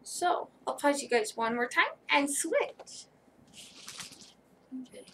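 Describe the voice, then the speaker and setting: A woman's voice: high-pitched, slow, gravelly, background noise. A young adult woman chatting casually in a try-on vlog, tired and a little rambling as she shows off her clothes. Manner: relaxed, rambling, thinking aloud. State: tired, yawning. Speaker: vlogger.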